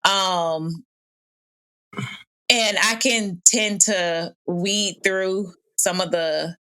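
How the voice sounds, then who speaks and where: A woman in casual podcast chat, animated and storytelling, acting out quoted voices. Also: mid-range voice, drawn-out words, smooth. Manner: animated storytelling, laughs often, acts out quotes. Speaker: podcast guest.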